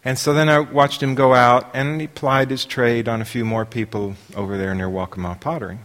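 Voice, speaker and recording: Rambling preacher in a hall. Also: male voice, mid-range voice, steady tone, brisk, a bit bright. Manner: rambling storytelling with many fillers. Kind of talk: sermon anecdote. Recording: long hall reverb.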